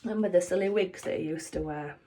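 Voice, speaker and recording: A woman teacher reading a children's book aloud in an expressive storytelling manner. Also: on the low side, fast, husky.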